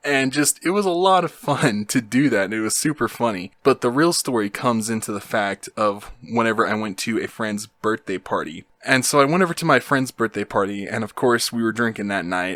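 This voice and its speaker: A young man tells a story in an easygoing, rambling way, full of fillers. His voice sits a little low. The recording is close and dry, with no room sound. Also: a bit bright, no echo. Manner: rambling, laid-back, lots of fillers. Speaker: YouTube host. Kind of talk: casual storytelling.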